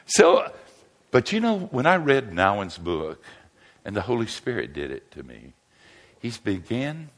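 An older man, a pastor and seminary teacher, telling humorous stories in a lively, self-mocking way and chuckling often. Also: lowish voice, a little slow. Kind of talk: humorous storytelling talk.

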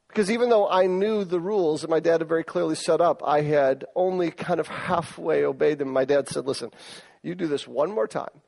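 A middle-aged male pastor preaching a sermon, telling stories in an animated way and rising in force for emphasis. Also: fairly quick. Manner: animated storytelling, rises in pitch and force for emphasis.

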